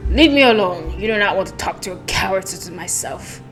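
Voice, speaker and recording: A woman's voice: on the low side, steady tone, fast, a bit bright. A bitter former soldier, worn down and ashamed, brushing people off in short, clipped lines, as a woman reads him. Game music plays behind the voice. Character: weary ex-soldier patient, gruff and ashamed.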